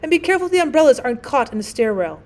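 A woman voicing a gentle, fussy old grandmother in a story reading, with soft, loving speech. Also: sits high, big pitch swings, very fast. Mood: soft, fussing.

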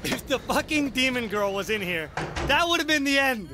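A man doing excitable horror game commentary, loud and full of swearing. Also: extremely high pitch, moderate pace, background noise. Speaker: gaming video creator.

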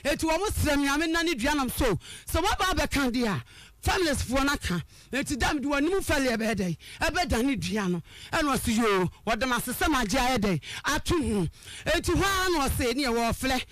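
A woman caller giving an emotional account of a family dispute, animated and often raising her voice. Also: high-pitched, a little fast, dry recording.

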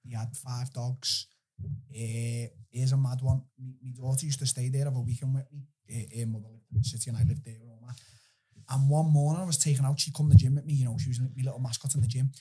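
A young man with a very husky, rough voice holds forth as a podcast guest. He tells his stories loosely and profanely, often breaking into laughter. His pitch sits at an ordinary middle level. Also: steady tone, quick pace, mellow. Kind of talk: casual storytelling chat.

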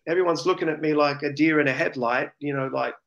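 A man's voice: a little high, fast talker, vocal fry, dull audio. Earnest Australian man telling his story. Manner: earnest, emotional, animated retelling. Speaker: interview guest. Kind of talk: personal testimony storytelling.

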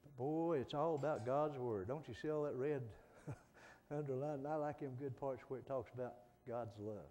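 A middle-aged man, preaching a folksy sermon that swings from soft pleading to loud fervent calls. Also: medium pitch, moderate pace. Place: church sanctuary. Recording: long church reverb.

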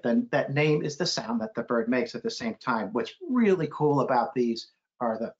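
A middle-aged man reading a children's book aloud, breaking into playful bird call imitations. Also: highs cut off. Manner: animated, mimics bird calls with sudden high hoots.

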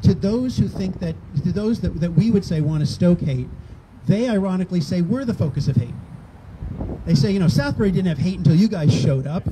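Outdoors on a town green, an older rally organizer speaks conversationally to a crowd, acting out quoted exchanges. His voice is fairly high, with background noise behind it.

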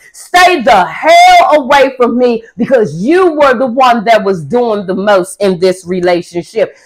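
A young adult woman doing a casual tarot reading, blunt, profane and sassy, with loud emphatic outbursts. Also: high voice, rough recording. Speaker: tarot reader.

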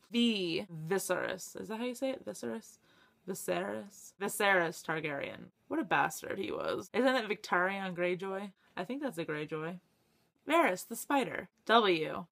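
Bright, excitable young woman vlogger. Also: mid-range voice, a little slow, creaky. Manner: excitable, laughing, swears when stuck. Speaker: book vlogger. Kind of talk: casual chat to camera.

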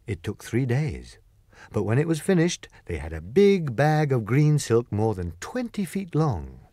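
A man reading a storybook, lively. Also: mid-range voice, measured pace, no room sound, clean studio sound. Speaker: audiobook narrator.

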